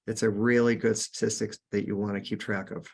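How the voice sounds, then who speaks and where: A man's voice: fairly low pitch, flat delivery, fairly quick, gravelly. A man hosting a podcast, giving earnest, casual sales coaching with frequent restarts. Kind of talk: casual instructional talk.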